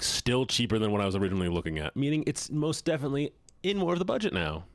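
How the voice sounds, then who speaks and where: A man chatting casually with his live-stream audience while playing a game, joking, playful and quick to laugh. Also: on the low side, no room sound. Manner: playful and joking, laughs often, teases chat.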